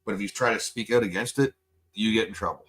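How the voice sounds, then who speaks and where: A man's voice: fairly low pitch, quick pace, fairly bright tone, breathy edge. A Canadian man hosting a casual podcast chat, ranting heatedly and swearing a lot into a studio mic. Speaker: podcast host.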